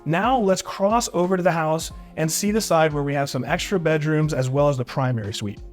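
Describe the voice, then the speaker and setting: Over soft background music, a male real estate agent hosts an enthusiastic home tour vlog, strolling from room to room and complimenting each feature with repeated "really neat" and "beautiful." His voice sits on the high side and runs slightly fast.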